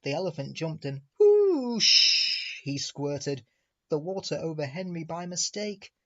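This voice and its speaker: A man narrating a storybook aloud, expressive and speaking to the listener directly. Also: on the high side, normal speed, highs cut off. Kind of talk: storybook reading.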